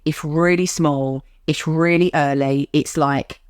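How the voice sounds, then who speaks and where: A woman's voice: sits low, slow, clean tone, dry recording, studio quality. A woman, animatedly telling her own story in a casual chat and acting out what people said. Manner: animated storyteller, acts out quotes. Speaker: guest sharing her story.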